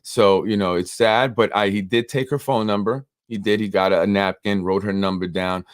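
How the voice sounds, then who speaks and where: Rambling low-voiced New York man. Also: steady tone, moderate pace, no echo, studio quality. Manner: rambling storytelling, many fillers. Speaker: host of a local politics show. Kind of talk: casual live-stream commentary.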